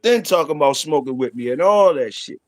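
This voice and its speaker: A man's voice: a little high, expressive, a little fast, darkish tone, no echo, clean studio sound. A middle-aged man hosting a casual stream, teasing viewers with profane, laughing banter. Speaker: channel host. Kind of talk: casual livestream chat.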